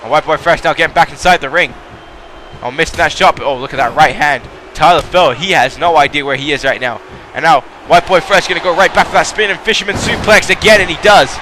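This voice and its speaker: A man giving excitable play-by-play commentary on a wrestling match, calling out moves, shouting at the big spots and drifting into rambling asides to the audience. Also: on the high side, quick pace, slight background noise.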